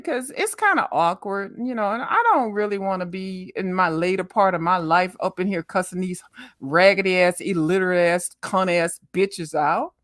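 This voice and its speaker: A middle-aged woman on a live online panel, ranting loudly and cussing freely in animated chat. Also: mid-range voice, no echo, clean studio sound. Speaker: YouTuber guest on a live panel. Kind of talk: profane livestream panel chat.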